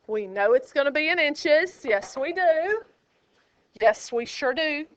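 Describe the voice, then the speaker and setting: High, bright, teasing woman teacher. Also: slow pace. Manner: sassy, teasing and lively with students. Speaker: math teacher. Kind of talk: classroom teaching. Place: classroom. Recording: dull lo-fi classroom recording.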